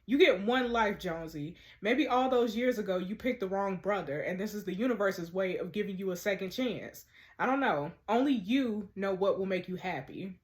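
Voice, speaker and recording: A woman voicing a frank, supportive woman friend, reading game dialogue aloud in a soft, low, subdued way. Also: normal speed, close to an everyday voice. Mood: earnest.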